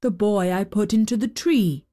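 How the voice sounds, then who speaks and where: A woman voicing a huge old male giant in a storybook reading, speaking slow, deep and weighty. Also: mellow, close to an everyday voice. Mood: tender.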